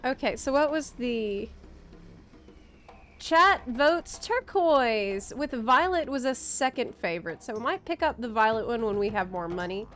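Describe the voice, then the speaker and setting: A woman's voice: a little high, lively intonation, a little slow, fairly bright tone, faint music behind. A young adult woman streaming a game, chatting casually and musing aloud, easily delighted. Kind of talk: casual gaming stream chat.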